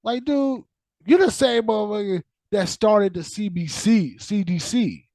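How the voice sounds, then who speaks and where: An unhurried, high-pitched man rants casually as a podcast host in a dry recording. His delivery is animated and profane, repetitive, full of restarts, and prone to trailing off into fillers.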